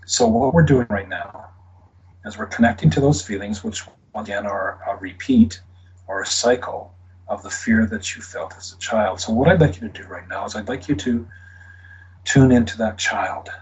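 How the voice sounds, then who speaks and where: A man who works as an energy healer, softly coaching someone through a guided healing session and often dropping to a whisper. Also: lowish voice, very animated, moderate pace. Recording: dull lo-fi with faint hiss.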